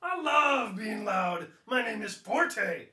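Woman voicing a roaring, loud-loving lion. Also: very animated, a crowd in the background. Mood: excited. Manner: roaring, slow and booming. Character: excitable young male lion who loves being loud. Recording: roomy, distant from the mic.

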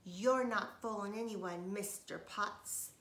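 A woman voicing a pushy, boastful little girl who talks loud and eager, read aloud from a storybook. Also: medium pitch, slow pace. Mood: sly. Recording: echoey room, faint noise.

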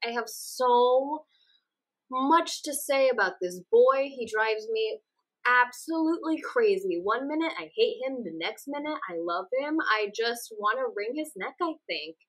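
A woman's voice: fairly high pitch, measured pace, poor audio. A young woman co-hosting a podcast in casual chat, ranting with exasperation and acting out quotes. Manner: animated, exasperated rants with acted-out quotes. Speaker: podcast co-host.

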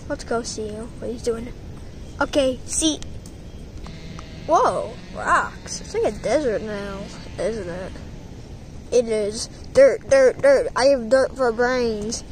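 A woman acting out a plush toy skit, voicing several characters in excitable, playful banter full of slang. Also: fairly high pitch, noisy background. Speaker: plush toy video maker. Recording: music playing under the voice.

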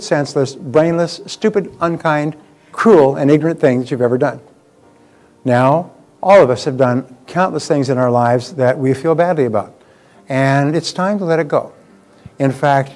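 A man's voice: mid-range voice, darkish tone. A man giving a live motivational seminar talk, emphatic and repeating key phrases for effect.

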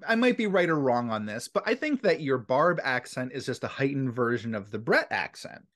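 Male co-host, casual podcast chat, easygoing, animated pitch. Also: brisk.

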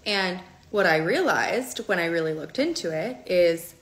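A woman's voice: on the low side, expressive, a little slow. A woman recounting a personal story in a conversational way, often checking in with "okay?".

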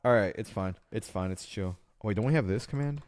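A young man casually livestreaming a game, excitable and swearing, with sudden shouts. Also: on the low side, brisk, dry recording. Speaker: streamer.

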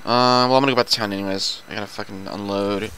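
Lowish and steady, this man speaks quickly with a sharp tone while gaming alongside a friend. His loose, profane, talkative chatter is caught on a low-quality recording with slight background noise.

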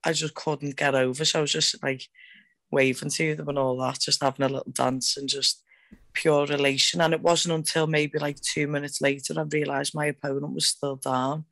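A woman fighter on a radio talk show, telling her stories in a rambling, animated way with lots of fillers. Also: low-pitched, moderate pace, dry recording. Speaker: MMA fighter guest. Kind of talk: excited casual storytelling.

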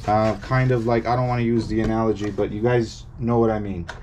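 A man's voice: on the low side, little pitch movement, a little fast, background noise. Casual man giving repair instructions. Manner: casual, instructive, emphatic about warnings. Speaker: repair technician. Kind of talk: step-by-step repair tutorial.

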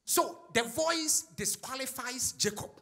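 A man preaching a sermon in call-and-response style, shouting and chanting phrases to the congregation. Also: extremely high pitch, measured pace.

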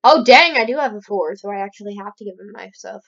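A woman's voice: mid-range voice, steady tone, quick pace, creaky, breathy edge. A young woman giving casual gameplay commentary as a let's play host, chatty and playfully mock-outraged at her opponents. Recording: slightly dull lo-fi recording.

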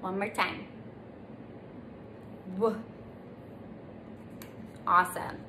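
A woman teaching a children's circle time lesson in a gentle, sing-song way, stretching out letter sounds for little ones to repeat. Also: mid-range voice, steady tone, extremely slow. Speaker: preschool teacher. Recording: echoey room, faint noise.

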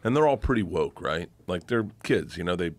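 A middle-aged man telling rambling, excitable stories in a casual podcast chat, laughing and swearing often. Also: deep voice, a little fast, dry recording. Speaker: podcast guest comedian.

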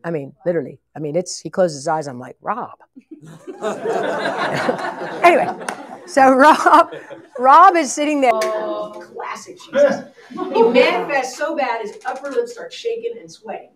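A woman preacher telling a long story in a sermon, animated, acting out the voices of the people in it and often laughing. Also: on the high side, measured pace, pauses often, a crowd in the background. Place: conference hall.

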